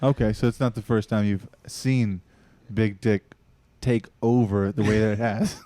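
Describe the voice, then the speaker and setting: A man's voice: on the low side, fairly even intonation, unhurried, dark tone, no room sound. A man hosting a comedy podcast, asking mock questions and teasing his guest. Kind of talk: casual comedic chat.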